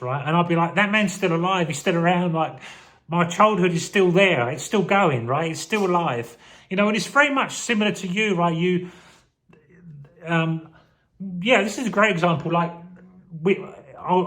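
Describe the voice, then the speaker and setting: In a rambling, heartfelt vlog to camera, a man in his forties reflects on his childhood and grows emotional as he goes. His voice runs on the high side with a fairly bright tone.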